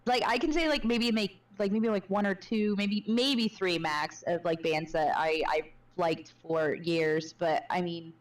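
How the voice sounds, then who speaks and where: A woman's voice: fairly low pitch, steady tone, unhurried, few pauses, distant mic, low-quality recording. A woman in her twenties, a streamer guest on a podcast, chatting casually in a rambling way full of fillers and giggles. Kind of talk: casual chat.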